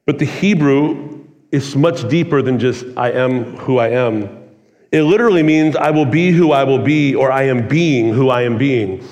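A man preaching a sermon in a relaxed, conversational way, full of "like" and "kinda.". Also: medium pitch, normal speed, highs cut off. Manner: casual, conversational preaching with many "like"s. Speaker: pastor. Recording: long hall reverb.

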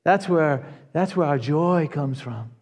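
High-voiced man preaching in a reverberant hall. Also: slow. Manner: earnest, animated preaching with repeated restarts. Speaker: pastor. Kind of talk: sermon.

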